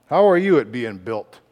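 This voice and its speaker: A man preaching a sermon, moving from quiet reflective lines to loud emphatic outbursts, laughing now and then. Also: medium pitch, big-room sound, muffled recording. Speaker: pastor.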